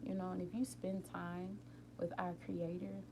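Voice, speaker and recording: Chatty woman with a gravelly voice. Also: fairly low pitch, little pitch movement, moderate pace, noisy background. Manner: chatty, rambling, talks straight to viewers; openly emotional, tearful at times. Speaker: live-stream host. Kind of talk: casual inspirational chat. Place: at home, late at night.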